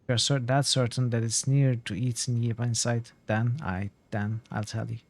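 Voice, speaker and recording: A man reading aloud the lines of an old, superstitious woman in a game, voicing her fearful, folksy warnings in his own plain voice at a middling pitch. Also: flat delivery, moderate pace, close to an everyday voice. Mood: weary. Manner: archaic folksy speech, fretful warnings.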